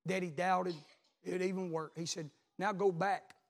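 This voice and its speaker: A man, a pastor preaching a sermon, telling a story and then building to loud repeated calls. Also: high voice, level tone, a little slow, gravelly.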